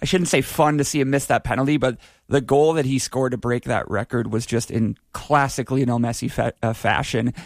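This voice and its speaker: A man on a sports panel speaks with steady enthusiasm, pausing on small fillers. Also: medium pitch, dry recording, clean studio sound. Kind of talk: casual sports chat.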